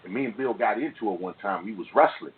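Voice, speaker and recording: A man's voice: fairly low pitch, animated, fast. A middle-aged man, a guest in an interview, telling stories casually in loose street slang and often tagging "man" and "you know what I'm saying". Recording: tinny phone-like sound with faint noise.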